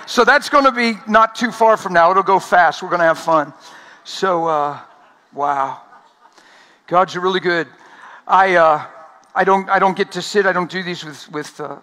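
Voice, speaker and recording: A man preaching an energetic sermon at a conference, talking fast and laughing along the way. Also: high voice, a little hiss or hum.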